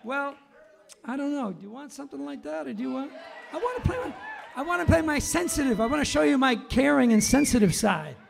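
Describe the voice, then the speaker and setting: High gravelly-voiced male comedian. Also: big pitch swings, brisk. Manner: playful, rambling, mock-dramatic storytelling with acted voices. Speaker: comedian and singer at the piano. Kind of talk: stand-up comedy storytelling. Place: live stage before an audience. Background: piano playing.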